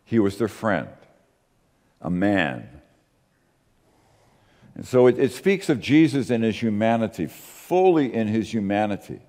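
A man preaching a sermon as pastor, emphatic, asking rhetorical questions and slowing to stress key words. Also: fairly low pitch, sing-song, darkish tone, big-room sound.

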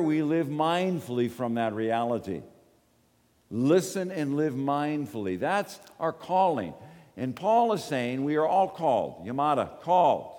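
Man preaching in a reverberant hall. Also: medium pitch. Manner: animated storyteller, often asks the room "right?". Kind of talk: conversational sermon with storytelling. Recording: long reverb from a large hall.

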